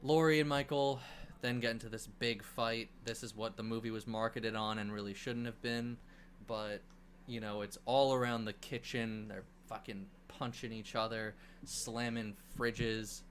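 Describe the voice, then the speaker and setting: Male podcast co-host, low-ish voice, loose and profane plot recapper, faint background noise. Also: measured pace. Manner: animated plot recap with swearing and acted-out quotes. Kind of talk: casual movie review chat.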